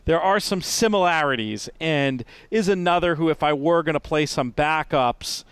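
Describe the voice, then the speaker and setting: A man's voice: fairly high pitch, moderate pace, a bit bright, clean tone, dry recording. A man on a horse racing podcast panel who weighs his picks carefully, thinking them through aloud.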